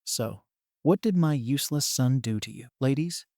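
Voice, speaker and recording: A man's voice: medium pitch, lively intonation, normal speed, gravelly, darkish tone, no echo. A man voicing a vain, bullying middle-aged mother who sneers and swears, read in a dry, close sound. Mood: sneering.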